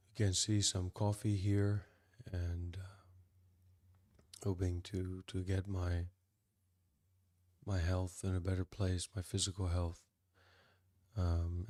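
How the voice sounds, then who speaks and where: A man talking as a meditation teacher, in a halting, deadpan way with dry irony. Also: deep voice, no room sound. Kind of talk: casual spoken teaching.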